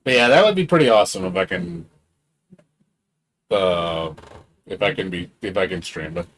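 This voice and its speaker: A man streaming games live, rambling excitably in casual chat, swearing freely and laughing often. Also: deep voice, moderate pace, slight background noise. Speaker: game streamer.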